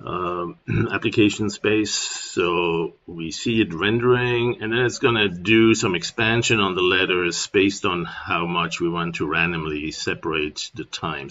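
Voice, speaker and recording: Low husky man with a German accent. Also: steady tone, unhurried, fairly bright tone. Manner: rambling, explanatory, frequent filler words. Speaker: software tutorial presenter. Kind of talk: casual screen-recording tutorial. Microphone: computer microphone. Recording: dull lo-fi screen recording.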